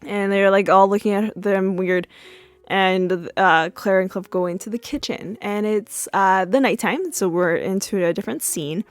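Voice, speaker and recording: A woman hosting a podcast, recapping a TV episode in a chatty way with many fillers, and acting out the characters' yelled quotes. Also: medium pitch, steady tone, moderate pace, no echo, soft background music. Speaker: podcast host.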